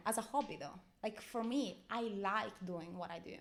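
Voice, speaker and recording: A woman's voice: mid-range voice, moderate pace. Young woman acting out quoted talk. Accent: non-American foreign accent. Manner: animated, acts out quoted dialogue. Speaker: guest model. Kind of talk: casual interview chat.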